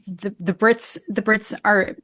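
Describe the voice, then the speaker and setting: An American woman from the United States, an actor and Shakespeare coach, speaks earnestly and passionately during a conversational interview held over a video call from a room at home. Her mid-range voice is slightly bright, with fairly even intonation and a slow pace, and there is no echo. She often repeats words as she begins a phrase.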